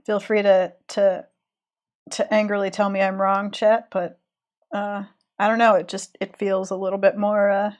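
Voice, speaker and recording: Southern American woman streamer, relaxed, chatty, trails off while she concentrates on drawing. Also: medium pitch, moderate pace. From Southern United States. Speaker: streaming illustrator.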